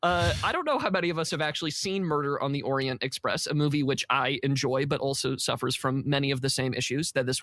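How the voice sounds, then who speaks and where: Man, podcast host, bright voice, dry close sound, jokey banter. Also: a little high, dry recording. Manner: jokey, hammy. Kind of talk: casual chat.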